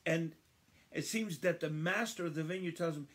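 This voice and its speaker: A man leading a livestreamed Bible study, reading verses slowly and emphatically, repeating phrases and chatting to viewers. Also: on the high side. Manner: addresses viewers by name, conversational asides.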